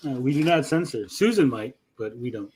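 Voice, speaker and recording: A man's voice: mid-range voice, animated, a little fast, darkish tone, slight background noise. A man hosting a stream, cursing and mocking the video with his co-hosts. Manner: profane, mocking. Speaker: stream host. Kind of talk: crude casual banter.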